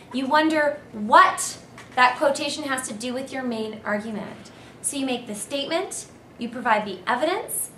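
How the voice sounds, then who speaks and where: A woman university English lecturer giving a clear, emphatic seminar talk on essay writing. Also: a little high, pushed and bright. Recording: echoey room, faint noise.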